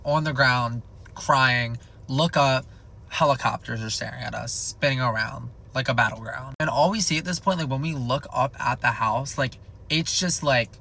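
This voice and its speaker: Gravelly young man telling a rambling story. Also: mid-range voice, normal speed. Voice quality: gravelly fry. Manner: rambling, profane, animated, filled with "like". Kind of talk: casual comedic storytime.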